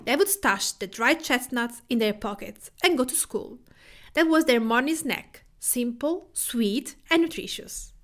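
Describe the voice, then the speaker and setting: A woman from Tuscany with an Italian accent, hosting a cooking podcast in a measured, scripted narration. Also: on the high side, a bit bright. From Tuscany, Italy. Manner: measured, list-like delivery with Italian food terms. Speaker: podcast host.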